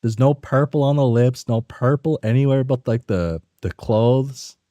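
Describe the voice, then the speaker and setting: A man's voice: mid-range voice, measured pace, mellow, no room sound. A man reading a webcomic aloud on a stream, musing and swearing freely as he reacts.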